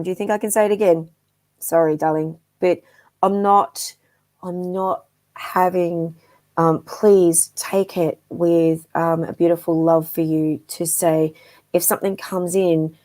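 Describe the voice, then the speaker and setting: A woman's voice: lowish voice, a little mellow. A woman hosting a live-stream psychic reading, chatty and affectionate, with frequent ums and endearments. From Australia. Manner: chatty and affectionate, calls viewers darling, many ums. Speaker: psychic medium guest host.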